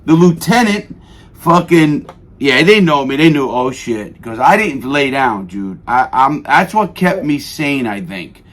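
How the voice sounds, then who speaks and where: Profane, animated middle-aged man. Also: mid-range voice, measured pace. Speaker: guest. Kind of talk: radio interview storytelling.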